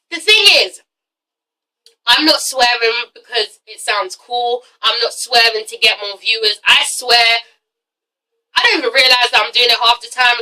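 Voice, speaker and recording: A young English woman with a high, piercingly sharp voice, ranting through a TV review with blunt, sassy swearing. She keeps checking in with "okay?" between points. She sits a little back from the mic. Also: recorded from a distance, low-quality recording. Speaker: TV review vlogger.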